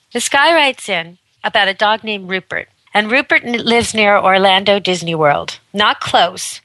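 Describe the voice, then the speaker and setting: A woman's voice: mid-range voice, sharp tone, dry recording, low-quality recording. A woman hosting a pet radio show, talking casually and chattily, amused and laughing often as she tells stories. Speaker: radio show host, dog camp owner. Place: rural dog camp in Canada.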